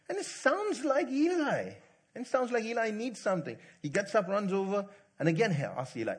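Husky-voiced man preaching a sermon. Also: sits high, huge pitch swings, brisk. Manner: storytelling preacher, repetitive phrasing, acts out voices. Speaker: pastor.

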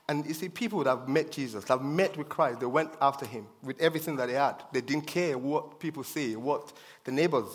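A man preaching a sermon with emphasis, repeating his key phrases for effect. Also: mid-range voice. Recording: long reverb of a hall.

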